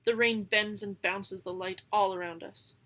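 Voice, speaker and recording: A woman narrating a first-person animal adventure aloud, lively, with small laughing asides. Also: mid-range voice, moderate pace. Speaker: reader. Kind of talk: audiobook narration.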